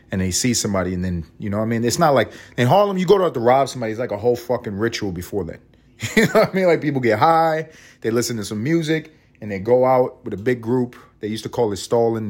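A man's voice: fairly low pitch, darkish tone. A man hosting a podcast, talking in a rambling, profane, wry comedic monologue. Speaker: podcast host.

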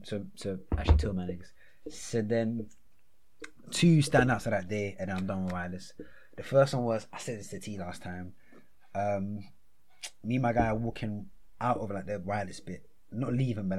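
A young man, telling a long story as a podcast co-host, animated and full of slang, acting out what people said. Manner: animated, slangy, acts out quotes with big pitch jumps. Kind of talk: casual storytelling chat.

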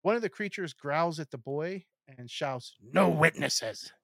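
A man running a tabletop game as game master, describing scenes in a steady narrating voice with casual asides to the players. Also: fairly high pitch, moderate pace, no echo, clean studio sound.

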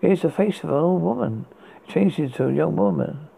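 A man hosting a horror podcast, reading his story in a halting way with restarts, on a tinny lo-fi recording. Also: on the high side, vocal fry, warm tone, breathy edge. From United Kingdom. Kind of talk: read horror story narration. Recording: tinny phone-like lo-fi sound.

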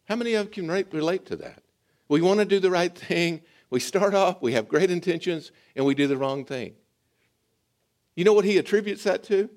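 A pastor preaching a sermon to a congregation, talking straight to them and getting them to join in. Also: male voice, high-pitched, fairly quick, a little mellow.

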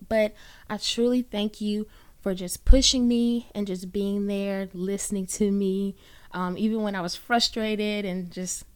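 Smooth-voiced woman hosting a faith podcast. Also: mid-range voice. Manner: earnest, warm-hearted, uses y'all and folksy phrasing. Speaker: podcast host. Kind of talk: encouraging faith podcast monologue. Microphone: own microphone.

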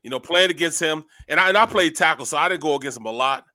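A man with a high, bright voice tells a football story in casual talk-show chat. He is animated and laughs often, acting out every quote he tells. The sound is dry and close. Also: fast, dry recording. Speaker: co-host, former football lineman. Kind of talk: casual sports radio chat.

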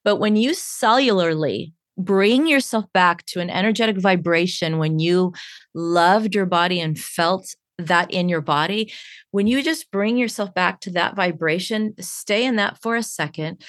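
Animated woman coach, dry close sound. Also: fairly low pitch, moderate pace, dry recording. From Chicago. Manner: animated, acts out quotes with big voices. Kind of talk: casual podcast conversation.

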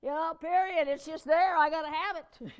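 Speaking at a moderate pace, this high-voiced woman pastor delivers a sermon that feels homey and conversational. Her personal stories come out chatty and folksy, punctuated by her own laughter and sudden emphatic exclamations.

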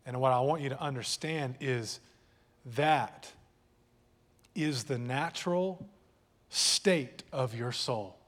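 Speaking slowly and pausing often, a mid-range-voiced pastor delivers a casual sermon in a large church hall. He repeats words and trades jokes with the congregation.

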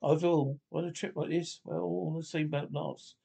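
Tired decent ship captain, bit gravelly, kinda high voice, stumbles through a speech, old british film comedy. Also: male voice, level tone, mellow, full character voice. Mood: modest. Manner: halting, modest speech-making. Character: weary, decent middle-aged male ship captain. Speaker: ship's captain.

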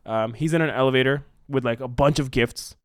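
A man co-hosting a podcast, pitching a film plot in a rambling, animated way with lots of fillers. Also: a little fast, clear, resonant tone, dry recording, clean studio sound. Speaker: podcast co-host. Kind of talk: casual brainstorming chat.

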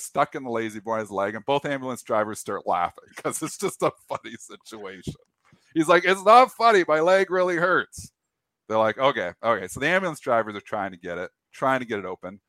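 A man's voice: medium pitch, no room sound. Guy hosting a show telling a funny story, voices the quotes, dry mic. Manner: animated anecdote with acted-out quotes and restarts. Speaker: show host. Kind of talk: casual storytelling on a market show.

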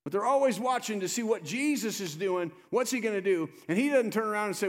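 A male pastor preaching an animated sermon, acting out the voices of the people in the story and urging the congregation to respond. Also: high voice, fast talker.

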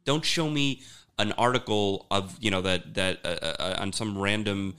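A man's voice: fairly low pitch, normal speed, sharp tone, clean tone. A man in casual podcast chat who talks hesitantly with many restarts, asking skeptically for evidence. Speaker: podcast co-host or guest.

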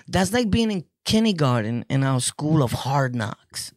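A man's voice: a little high, very animated, takes it slowly, no echo, studio quality. A man with a New York accent telling prison stories in a casual, joking way, laughing often and using heavy street slang. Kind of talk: casual storytelling to camera.

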